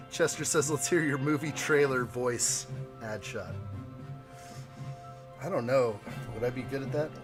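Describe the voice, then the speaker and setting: A man hosting a casual live stream, joking around and reading viewer chat aloud. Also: mid-range voice. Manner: playful, jokey, reads chat aloud.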